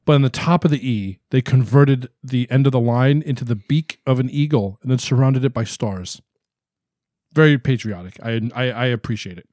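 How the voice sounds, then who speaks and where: A man co-hosting a casual podcast, describing things in a playful, deliberate way. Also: mid-range voice, a little mellow, no room sound, studio quality. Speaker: podcast co-host. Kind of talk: casual chat.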